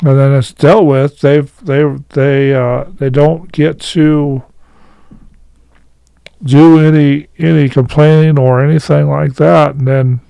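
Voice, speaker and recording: A man hosting his own channel, giving casual commentary in a rambling, halting way with many fillers and restarts. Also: a little high, little pitch movement, gravelly, mellow, smooth, no room sound, low-quality recording. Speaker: host.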